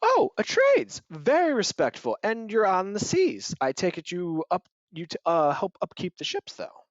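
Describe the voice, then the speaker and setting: A woman's voice: lowish voice, big pitch swings, no echo, lo-fi sound, voice pushed up. A woman playing a snooty noblewoman. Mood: polite. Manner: snooty, drawn-out, polite. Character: haughty, prim noblewoman at a party.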